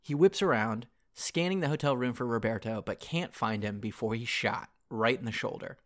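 A podcast co-host chatting casually with dry quick reactions, then reading a chapter recap steadily. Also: medium pitch, fairly bright tone.

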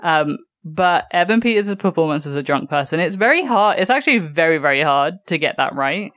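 Young English woman co-host; low, dry voice; lively, swears casually. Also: no echo. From England. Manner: animated, swears freely, quick asides. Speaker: podcast co-host. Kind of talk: casual chat.

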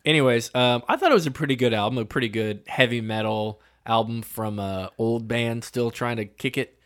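A man's voice: medium pitch, moderate pace, a bit bright. A man co-hosting a casual music review podcast, talking loosely with lots of fillers and restarts. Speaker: podcast co-host.

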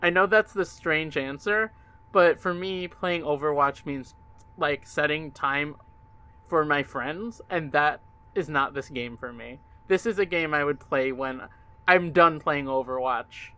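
A man co-hosting a podcast in casual, playful chat, quick to laugh and get excited. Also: fairly high pitch, clear, resonant tone. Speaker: podcast co-host.

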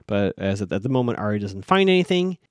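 A man's voice: fairly low pitch, big pitch swings, quick pace, no room sound, clean studio sound. A man hosting a podcast, casually recapping a TV episode, thinking aloud with plenty of fillers and restarts.

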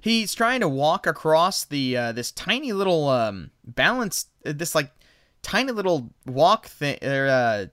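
A man's voice: on the high side, big pitch swings, unhurried, a bit bright, dry recording, clean studio sound. A man co-hosting a podcast in casual chat, recapping plot in rambling, self-correcting bursts. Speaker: podcast co-host.

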